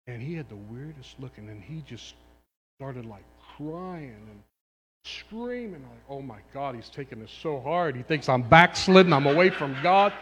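A middle-aged man, a pastor, telling a personal story in a sermon, moving between quiet asides and loud exhortation. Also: a little high, lively intonation, moderate pace. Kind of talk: sermon testimony. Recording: long hall reverb, faint hum.

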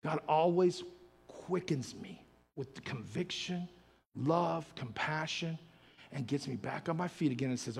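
A man preaching a sermon as pastor, fervent, building up loud and calling out to his church. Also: fairly high pitch, expressive, unhurried, creaky, slightly rough. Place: church sanctuary. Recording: long hall reverb.

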